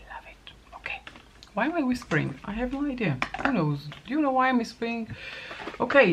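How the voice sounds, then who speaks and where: A middle-aged woman with a low, gravelly voice talks through her makeup in an unhurried way. It is a casual get-ready-with-me chat in which she thinks aloud as she works. A faint hiss sits behind her. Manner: chatty, thinking aloud while applying makeup. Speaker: makeup vlogger.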